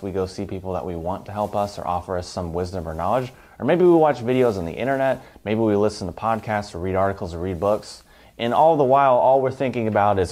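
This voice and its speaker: A man's voice: on the low side, darkish tone. A man giving a motivational self-help talk, emphatic and piling up long lists.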